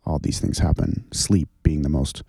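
A man with a very low, gravelly voice leads a guided contemplative prayer. His tone is dark and husky, slow and gentle. The sound is dry and close. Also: fairly even intonation, dry recording. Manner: slow, gentle, soothing guidance. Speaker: pastor leading guided prayer.

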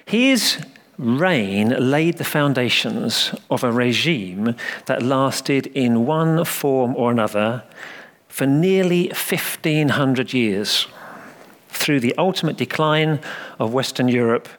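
A male preacher giving a sermon with a mid-range voice and a humorous, self-deprecating manner. He tells stories with easy comic timing and slows right down on the lines he wants to stress. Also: medium pitch, lively intonation.

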